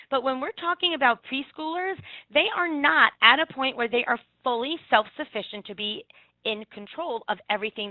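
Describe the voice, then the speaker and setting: Female education speaker, somewhat high voice, direct and reassuring, repeats key points, tinny dry recording. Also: dry recording. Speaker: early childhood education speaker. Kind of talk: presentation on separation anxiety.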